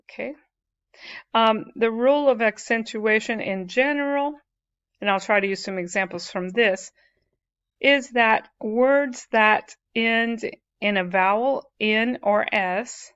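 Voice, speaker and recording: A woman's voice: medium pitch, a bit bright, clear, resonant tone, highs cut off. A woman teaching a grammar lesson, explaining patiently step by step with frequent fillers. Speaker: Spanish teacher.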